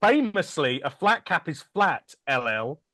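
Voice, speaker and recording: A man's voice: on the high side, big pitch swings, unhurried, sharp tone. A man hosting a casual film podcast, joking around and dropping silly impressions and sing-song bits. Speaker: podcast host.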